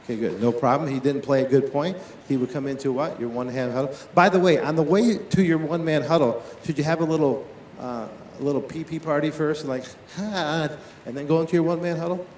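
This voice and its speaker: A man teaching tennis in a live on-court demonstration, talking to his players and to watching coaches with quick, lively questions. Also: fairly high pitch, echoey room, slight background noise.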